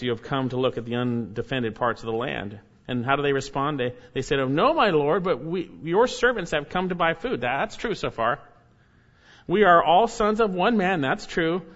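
A man's voice: medium pitch, a bit bright, highs cut off. Preacher man reading and expounding scripture. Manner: reads scripture aloud, then comments emphatically with rhetorical questions. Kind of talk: expository sermon.

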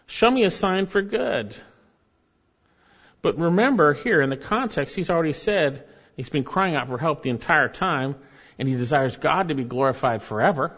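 A man preaching a sermon, reading scripture and explaining it, rising to loud emphasis and dropping to hushed tones. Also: fairly high pitch, big pitch swings, normal speed, lo-fi sound. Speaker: pastor.

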